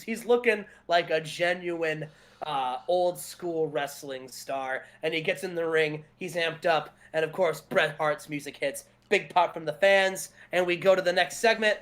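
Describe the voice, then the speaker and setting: A man co-hosting a podcast, recapping a wrestling game in casual, animated storytelling. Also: a little high, normal speed. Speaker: podcast co-host.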